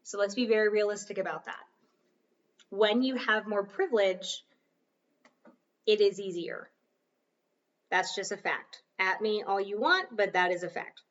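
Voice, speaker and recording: A woman's voice: medium pitch, a little slow, long pauses. Chatty woman host, slightly distant, dull sound. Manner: chatty, self-deprecating, coaching tone. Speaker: podcast host. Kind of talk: casual solo podcast talk.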